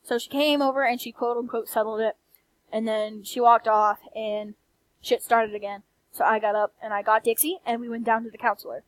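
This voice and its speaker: A young woman with a country accent, ranting in a soft-spoken late-night vlog, candid and blunt with frequent swearing. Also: fairly high pitch, steady tone, a little fast, no room sound, poor audio. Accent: American country. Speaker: vlogger. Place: quiet room late at night.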